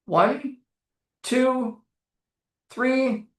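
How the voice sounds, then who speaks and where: Energetic male coach in a roomy space. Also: extremely high pitch, drawn-out words. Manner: casual, energetic, swears freely. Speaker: trauma coach. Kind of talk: coaching talk with guided exercises.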